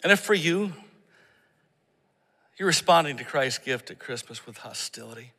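A man preaching a sermon as pastor, swinging from raised, emphatic lines to hushed, prayerful murmurs. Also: mid-range voice, expressive, normal speed, breathy edge, in a large hall. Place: church service that is also streamed online.

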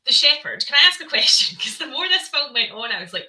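A woman chatting casually about a film, animated and laughing often. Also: sits high, quick pace, few pauses, low-quality recording. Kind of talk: casual film review chat.

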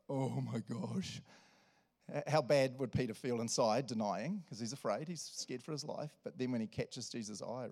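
A pastor preaches with lots of energy. He often breaks into chuckles and plays out the scenes he's describing. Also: mid-range voice. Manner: animated, laughs often, acts out quotes. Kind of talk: sermon.

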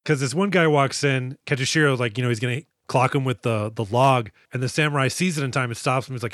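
A man co-hosting a podcast in casual chat, animated and profane, acting out characters as he retells scenes. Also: medium pitch, fast talker, few pauses, dry recording, studio quality. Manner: animated, swears a lot, acts out characters in quoted lines. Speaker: podcast co-host.

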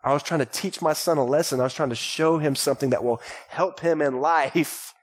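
A man in his thirties from Texas, a pastor preaching a lively sermon to a congregation and calling out to them. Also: fairly high pitch, brisk. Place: church sanctuary before a congregation. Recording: live church recording.

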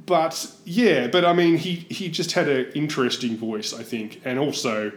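A man's voice: on the high side, fairly even intonation, normal speed, echoey room. A man in casual podcast chat who hedges his points and chuckles as he talks. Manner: hedging, chuckles between points.

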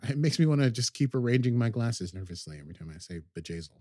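A man's voice: mid-range voice, expressive, fast, mellow, no room sound. Man rambling through a recap, dry. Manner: rambling, hesitant, many ums and restarts. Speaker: podcast host. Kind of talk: casual episode recap.

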